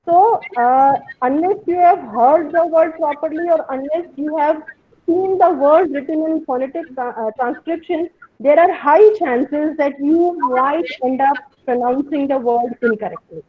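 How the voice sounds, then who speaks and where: A woman's voice: sits high, a little slow, a little hiss or hum. A woman giving a webinar lecture and answering questions, explaining patiently, often repeating words and checking in with "right?". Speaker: guest speaker. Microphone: video call. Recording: dull, dry webinar audio.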